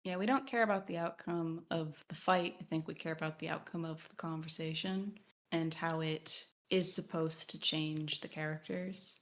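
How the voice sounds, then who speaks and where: A woman's voice: sits low, steady tone, normal speed, few pauses. A woman co-hosting a podcast in casual discussion, analytical with wry joking asides. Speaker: podcast co-host.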